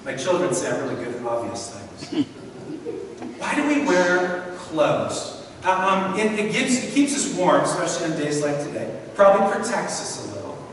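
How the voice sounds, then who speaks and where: This middle-aged man is a pastor delivering a sermon, vividly narrating and voicing the people in the story. His high-pitched voice swings widely in pitch at a moderate pace. The sound comes from afar in a large, echoey church hall, with faint noise.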